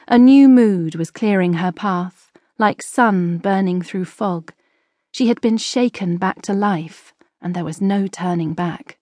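A woman narrates a historical novel audiobook in a measured, expressive storytelling style. Her fairly low voice comes through a dry recording with clean studio sound.

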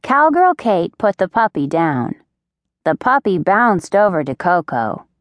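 A woman narrating a children's audiobook in slow, clear, expressive storytelling on a close studio mic. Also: fairly low pitch, no room sound.

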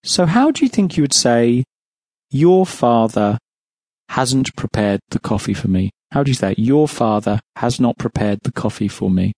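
A man's voice: mid-range voice, big pitch swings, moderate pace, hardly any pauses, a little mellow, slightly rough, no room sound. Patient English man teaching a language. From England. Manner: patient, explains and then asks the listener to answer. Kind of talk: audiobook language lesson, prompting the listener.

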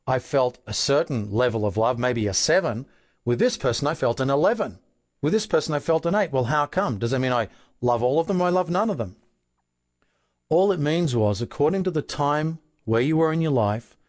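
A man's voice: mid-range voice, darkish tone, no echo. Earnest Australian man, dry studio sound. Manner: earnest, asks rhetorical questions. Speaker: self-help author and relationship coach. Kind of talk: explanatory self-help talk.

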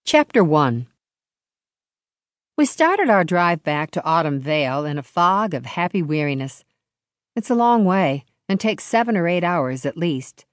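A woman narrating a novel in the first person, with a measured, expressive storytelling delivery into a close studio mic. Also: fairly low pitch, no room sound. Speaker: audiobook narrator.

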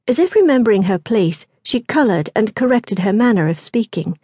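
A woman narrating an audiobook in a measured, expressive storytelling manner. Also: a little high, husky, no room sound, clean studio sound. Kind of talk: scripted narration.

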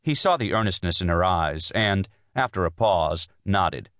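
A man narrating a novel in a measured, expressive reading, recorded in a studio. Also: sits low, no echo. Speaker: audiobook narrator. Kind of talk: scripted narration. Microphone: studio microphone.

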